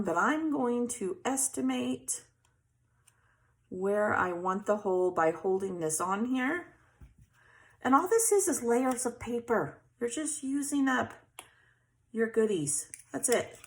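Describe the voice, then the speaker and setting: A chatty woman, hosting a casual crafting tutorial and often checking in with "okay?". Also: on the high side.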